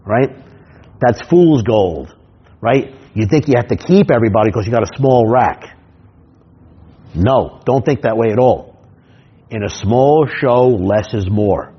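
This stage hypnotist from New York coaches other performers, speaking in a husky mid-range voice that's animated yet unhurried, with frequent pauses. The highs are cut off. He stays punchy, dramatizes scenes, and repeatedly asks "right?"

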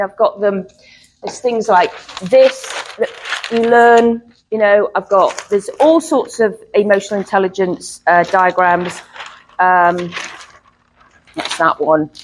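A woman's voice: medium pitch, slow pace, slight background noise, poor audio. A middle-aged woman, a therapist, teaching a live workshop to a group in a chatty way, often checking in with "okay?".

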